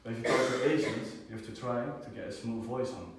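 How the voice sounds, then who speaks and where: A young man giving a student class presentation, halting often with fillers and restarts. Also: medium pitch, heavy background noise. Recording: echoey room, far from the mic.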